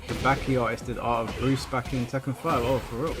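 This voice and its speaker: A British man chats loosely on a live stream, reading viewer comments aloud and answering them at a mid-range pitch. Clear music plays behind his voice throughout. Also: level tone, a little fast. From United Kingdom. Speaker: streamer hosting an online tournament. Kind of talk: casual live-stream chat.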